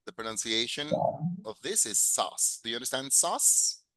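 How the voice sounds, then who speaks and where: Man, english teacher, bright voice, dry close sound, patient, repeats words. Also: medium pitch, big pitch swings, moderate pace, no room sound, low-quality recording. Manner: patient, repeats and corrects words, praises students. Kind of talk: classroom lesson mixing English and Spanish.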